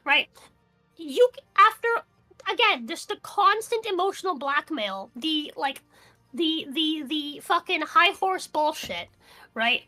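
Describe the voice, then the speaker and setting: A woman's voice: extremely high pitch, animated, normal speed, pushed and bright, soft background music. A woman co-hosting a casual political news stream, talking heatedly and profanely with many restarts. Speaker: co-host of a news talk stream.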